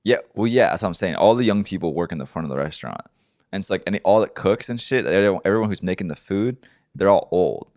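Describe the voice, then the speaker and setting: A man's voice: deep voice, expressive, fast talker, darkish tone, no room sound, clean studio sound. A young man co-hosting a podcast, talking in a laid-back, profane way in casual chat. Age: young adult. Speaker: podcast co-host.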